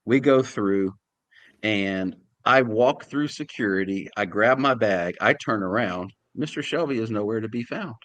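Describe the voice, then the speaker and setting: A man's voice: lowish voice, measured pace, no echo. A man co-hosting a podcast in casual chat, telling a story and acting out the people he quotes. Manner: animated storyteller, acts out quoted voices. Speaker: podcast co-host.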